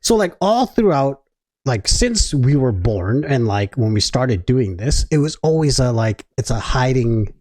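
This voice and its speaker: A man's voice: mid-range voice, sing-song, unhurried, darkish tone, dry recording, studio quality. A man co-hosting a podcast, telling a crude story in a laid-back way, agreeing a lot and swearing often. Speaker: podcast co-host. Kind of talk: casual chat.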